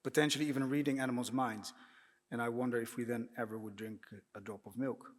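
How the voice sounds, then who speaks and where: A man giving a prepared panel talk, measured and hesitant, with frequent "uh"s and throat clearing. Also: mid-range voice, fairly even intonation. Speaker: panel speaker, architect. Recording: echoey lecture hall.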